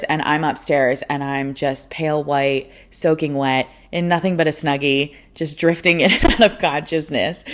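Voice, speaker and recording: A young woman with a low voice tells a personal story to her podcast listeners. She talks in a lively, casual way, laughs often and swears without a second thought. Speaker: podcast host.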